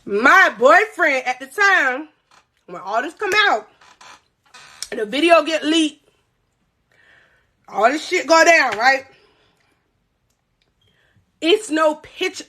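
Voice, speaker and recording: A young woman tells a high school story on a livestream, her voice high and bright. She talks straight to her viewers in an animated, profane flow, her tone climbing and dropping all the time. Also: slow pace, long pauses. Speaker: livestream host.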